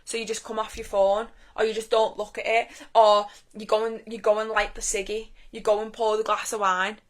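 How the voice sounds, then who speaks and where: A woman's voice: medium pitch, level tone, fairly quick. A young woman giving a casual live-stream talk on inner healing from her phone, chatty and straight-talking, swearing freely.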